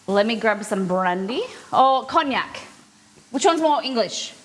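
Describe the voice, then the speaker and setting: A woman's voice: on the high side, animated, unhurried, slight background noise. A woman hosting a casual live cooking stream from her kitchen, chatting playfully and laughing at herself. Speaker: cooking show host. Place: home kitchen, indoors. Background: frying and sizzling in a pan.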